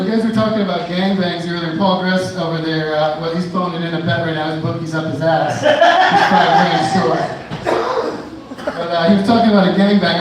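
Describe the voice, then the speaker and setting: A male stand-up comedian with a fairly high voice, rambling loosely through his set. His voice booms around an echoey bar room and comes from a mic set some distance away. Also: noisy background. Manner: rambling, loose, with many fillers and restarts. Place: indoor bar venue.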